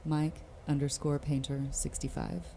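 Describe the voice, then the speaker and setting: Low-voiced woman narrating a horror story. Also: flat delivery, warm tone, a little hiss or hum. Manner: slow, somber, measured. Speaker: narrator reading forum posts.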